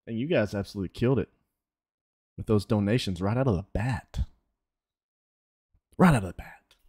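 A man streaming a storm-chasing game live, hyped up, shouting thanks to donors and sometimes out of breath. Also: medium pitch. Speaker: gaming streamer.

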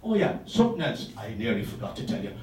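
Animated man telling a stand-up story. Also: on the low side, quick pace. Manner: animated, swearing, exaggerated storytelling. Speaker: stand-up comedian. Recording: roomy sound from a distant mic.

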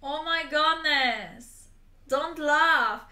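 High-voiced woman reacting with gasps. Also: very slow, bright, forceful tone, echoey room. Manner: gasping, exclaiming, laughing along. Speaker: reaction video host. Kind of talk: casual reaction commentary.

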